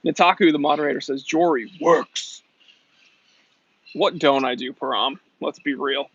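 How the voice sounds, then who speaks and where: Medium in pitch, a little bright, with a breathy edge, this man hosts a casual live-stream Q&A for his watch channel. He reads comments from the chat and answers with chatty emphasis, quick to explain himself; the recording sounds dull and lo-fi.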